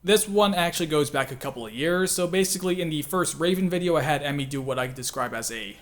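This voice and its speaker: A man's voice: on the high side, fast. A man hosting a casual video commentary, chatty and self-deprecating, with frequent laughs and filler words. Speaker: channel host and voice actor.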